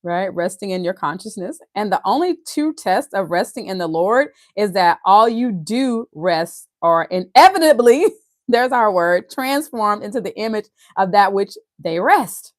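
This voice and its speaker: A woman with a Louisiana Southern accent reads aloud and comments in an animated, emphatic rush, often laughing between points. Her voice sits in the middle of the range and is heard close and dry, with no room sound around it. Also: mid-range voice, a little slow, no echo. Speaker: host reading and discussing a book. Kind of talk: casual teaching, reading aloud with commentary.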